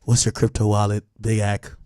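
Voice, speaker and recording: A low, mumbling impression of a famous rapper , put on by a man. The voice sinks well below his usual pitch, slow and laid-back. It is murmured and easygoing, like a late-night call. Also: monotone, a little mellow, no echo, studio quality, lightly acted. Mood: mellow.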